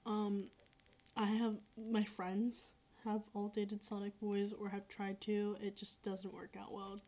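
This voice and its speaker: A young woman with an ordinary middle-range, dark-toned voice chats casually on a livestream while reading comments, her delivery completely flat. She rambles, repeats herself, and fills pauses with "um" and "like," and the audio is a little dull and lo-fi.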